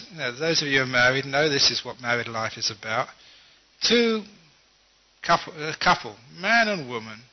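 Man, monk, dharma talk, humorous storyteller, self-mocking, dull lo-fi recording. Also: medium pitch.

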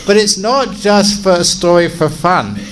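A middle-aged man giving a storytelling talk to his regular audience, expressive and humorous. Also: sits high, unhurried, a little hiss or hum. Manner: warm-humoured, expressive storyteller. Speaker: meditation teacher giving regular talks.

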